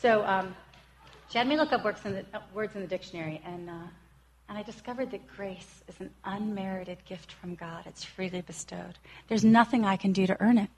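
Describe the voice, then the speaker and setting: A woman's voice: medium pitch, fairly quick, darkish tone. Woman in her forties, earnest storyteller sharing a recovery story, slips into the voices of the people she quotes. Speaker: recovery speaker. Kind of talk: personal recovery talk.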